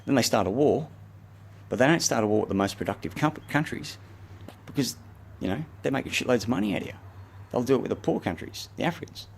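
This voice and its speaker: A man's voice: medium pitch, animated, fast, vocal fry, slight background noise. An Australian man delivering a rambling, agitated, swear-laden monologue to the camera. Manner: profane, agitated, rambling ranting. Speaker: self-recorded speaker.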